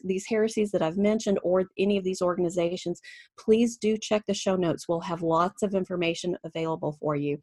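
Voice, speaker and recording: A woman co-hosting a podcast, talking in an earnest, emphatic and lively way. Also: on the low side, no echo. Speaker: podcast co-host. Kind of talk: casual podcast discussion.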